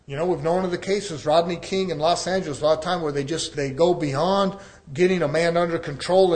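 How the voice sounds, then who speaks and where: A man preaching with earnest conviction in a voice that sits a little high for a man. He talks to his congregation as brethren and slips into a relaxed storytelling delivery, acting out the dialogue in his examples. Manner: conversational storytelling with acted-out dialogue. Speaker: pastor. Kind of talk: sermon.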